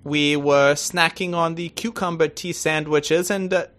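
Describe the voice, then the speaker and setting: A man's voice: a little high, fairly even intonation, measured pace, a bit bright. A man from Britain reading a scripted comic intro in a wry, grumbling way. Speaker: guest intro narrator.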